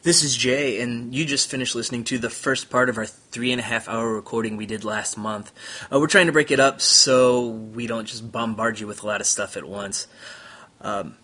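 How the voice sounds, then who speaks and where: Man, podcast outro, bright tense tone, steady read. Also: mid-range voice. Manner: plain, steady read with fillers. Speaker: podcast host. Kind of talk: scripted outro announcement.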